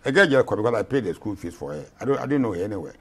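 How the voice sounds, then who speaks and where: Impassioned husky man in his eighties. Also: lowish voice, lively intonation, very fast, fairly bright tone. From Ghana. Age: 80s. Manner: impassioned, repetitive, emphatic. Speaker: retired general, guest. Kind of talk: interview.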